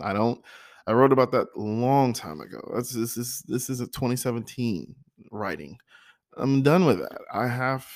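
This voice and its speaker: Low gravelly man musing earnestly. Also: dry recording, clean studio sound. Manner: earnest, repetitive, self-reflective. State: frog in his throat, clearing it. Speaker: vlogger. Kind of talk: reflective personal monologue.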